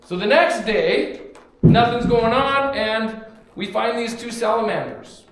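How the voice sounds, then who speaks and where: A man's voice: very high-pitched, measured pace. A young man preaching a sermon in a church, telling a story animatedly and acting out the quotes. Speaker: pastor. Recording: very echoey church hall.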